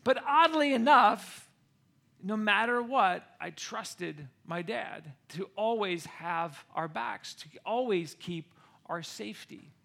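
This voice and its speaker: Really high-pitched guy from michigan telling a story to the room, keeps asking "right?", bright tense voice. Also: expressive, slow pace, vocal fry. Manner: addresses listeners directly with frequent "okay?" and "right?". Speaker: speaker telling a personal story to an audience. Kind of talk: animated personal storytelling.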